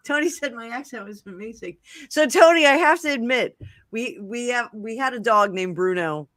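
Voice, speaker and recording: Giggly tarot lady chatting on a live stream, voice bounces all over, kinda high. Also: moderate pace, no echo, studio quality. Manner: giggly, animated. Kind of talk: casual live-stream chat.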